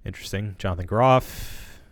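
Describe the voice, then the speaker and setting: Laid-back low-voiced man chatting. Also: moderate pace, no room sound. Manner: laid-back, short replies. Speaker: podcast co-host. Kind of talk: casual chat.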